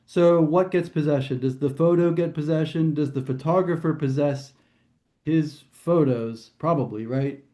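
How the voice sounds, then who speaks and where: A man's voice: on the high side, dark tone. A man teaching a casual test prep lesson, thinking aloud and correcting himself as he goes. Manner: chatty, thinks aloud, quick self-corrections. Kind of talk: informal classroom lesson.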